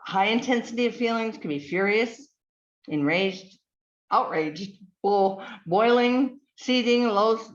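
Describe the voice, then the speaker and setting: Woman presenter with a dull lo-fi sound. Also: medium pitch. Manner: measured, listing words with frequent ums. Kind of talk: slide presentation talk. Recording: dull lo-fi recording.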